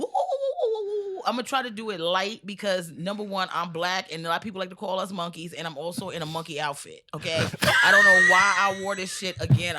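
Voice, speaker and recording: Animated American woman comic storyteller. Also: fairly low pitch, very noisy. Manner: animated storyteller, acts out voices and monkey noises. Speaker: comedian guest. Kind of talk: telling a long street joke on a podcast.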